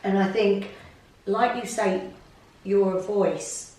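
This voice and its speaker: A woman's voice: medium pitch, fairly even intonation, takes it slowly, warm tone. A middle-aged woman, a podcast host in casual chat, supportive and agreeing. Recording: echoey room from a distance.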